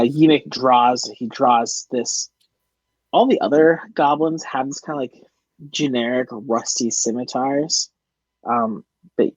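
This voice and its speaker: A man's voice: mid-range voice, no echo. A young man narrating as dungeon master, hesitant and full of fillers. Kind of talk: narrating a tabletop game. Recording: dull lo-fi audio.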